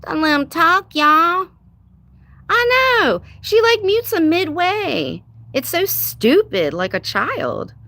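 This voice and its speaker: Woman live-stream host, unhurried, casual and sarcastic. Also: very high-pitched, big pitch swings, sharp tone. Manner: chatty, laughs often, greets chat viewers by name; sarcastic, says dude and y'all. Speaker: livestream host.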